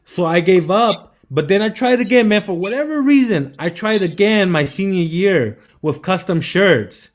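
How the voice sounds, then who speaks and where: Young man, guest on a live stream, casual storyteller, lively delivery. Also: sits high, normal speed, few pauses. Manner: animated storyteller, says "bro" and "man" often. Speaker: guest entrepreneur.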